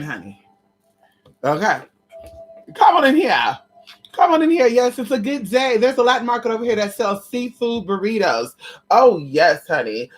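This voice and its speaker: Woman livestream host, sassy and chatty, very animated pitch, faint background music. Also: slightly rough. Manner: sassy, chatty, keeps calling listeners honey and girl; breaks into loud laughs and exclamations. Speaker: livestream host teaching conjure. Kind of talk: casual livestream chat.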